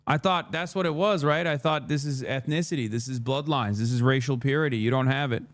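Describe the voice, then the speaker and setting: A male streamer reacts live in a sarcastic, mocking manner at a mid pitch. His voice sits close and dry on the microphone, with no room sound. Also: brisk, few pauses, no room sound. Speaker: streamer host. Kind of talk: livestream reaction commentary.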